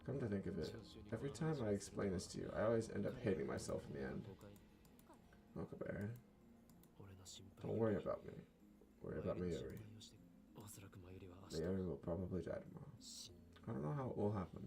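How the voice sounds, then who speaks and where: A man reads a visual novel aloud in a brooding, low-key first person. His voice sits very deep with a gravelly, mellow grain. Faint music plays under him. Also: very animated, a little fast, long pauses. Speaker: narrator.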